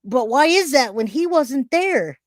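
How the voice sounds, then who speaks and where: A woman's voice: high-pitched, very animated, unhurried, no room sound, studio quality. A woman giving emotional, blunt reaction commentary to her viewers, swearing casually as she talks. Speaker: online commentator.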